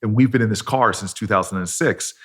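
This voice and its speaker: On a podcast, a middle-aged senator shares a personal story in an earnest, self-deprecating manner. His voice is on the low side and brisk, with a breathy edge, and the talk is conversational storytelling.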